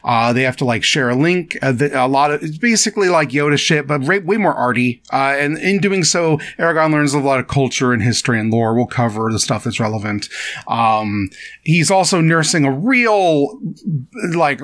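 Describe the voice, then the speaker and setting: A man's voice: mid-range voice, expressive, moderate pace, fairly bright tone. A man co-hosting a podcast, chatting casually and rambling through a summary with hesitant fillers and restarts. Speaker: podcast co-host. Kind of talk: casual chat.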